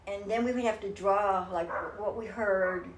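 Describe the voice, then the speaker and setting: A woman's voice: mid-range voice, moderate pace, a little hiss or hum. Older woman telling her story, roomy sound. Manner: earnest, rambling, with many restarts. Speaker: interview guest. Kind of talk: personal storytelling in a casual interview. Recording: roomy echo.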